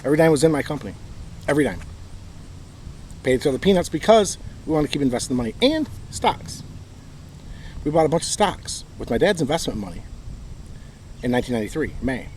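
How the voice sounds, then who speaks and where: A man's voice: medium pitch, big pitch swings, fast, pauses often, darkish tone, a little hiss or hum, low-quality recording. A man with a Michigan accent telling his own story in an aggrieved, bitter, emphatic monologue. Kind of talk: personal monologue.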